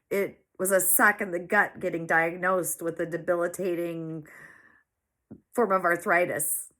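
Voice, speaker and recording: A woman's voice: fairly low pitch, bright, forceful tone. Earnest woman in her forties, heartfelt. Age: 40s. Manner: emotional, earnest, repeats phrases for emphasis. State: teary-eyed, sniffling. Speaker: small business owner sharing her story. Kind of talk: heartfelt personal monologue.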